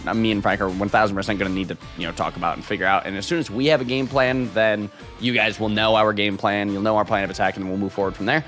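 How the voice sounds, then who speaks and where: A man live-streaming, chatting casually with his viewers and reading out super chats, excitable and quick to laugh. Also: lowish voice. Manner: excitable, laughs often, loud shout-outs.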